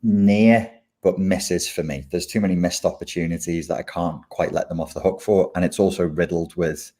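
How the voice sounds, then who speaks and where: Low-voiced guy chatting on a podcast, wry, mellow tone. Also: fairly even intonation, moderate pace. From England. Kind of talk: casual conversation.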